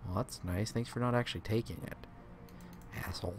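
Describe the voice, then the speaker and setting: A man's voice: fairly low pitch, fairly quick. A man streaming a game playthrough, reading the game's text aloud and adding sarcastic, profane asides.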